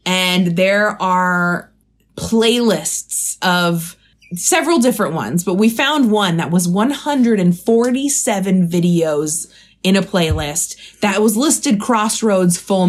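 A woman co-hosting a podcast in casual chat. She tells stories in a lively, giggly way and swears freely. Her voice sits at a middle pitch. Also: takes it slowly. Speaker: podcast co-host.

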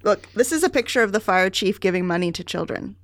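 A woman's voice: medium pitch, lively intonation, fast, a little hiss or hum. A woman in her thirties co-hosting a book podcast, chatting casually with wry asides and laughs. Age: 30s. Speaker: podcast co-host reviewing a book. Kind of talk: casual chat.

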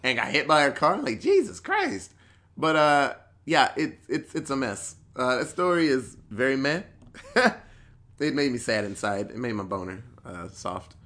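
A man's voice: medium pitch, sing-song, measured pace, fairly bright tone. A man in a casual chat, recapping a horror movie in a rambling, profane way with lots of fillers.

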